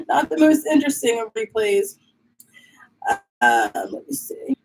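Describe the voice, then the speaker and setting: A woman's voice: sits high, huge pitch swings, slow, poor audio. A woman hosting a casual live stream from her home, chatting and reading viewer comments aloud while dealing with allergies and a runny nose. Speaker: livestream host.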